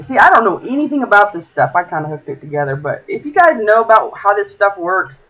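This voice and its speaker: A woman's voice: fairly high pitch, lively intonation, normal speed, hardly any pauses, pushed and bright. A woman casually telling a story in a chatty vlog, laughing often as she talks. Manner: chatty, giggly, many laughs. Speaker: vlogger. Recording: dull lo-fi recording.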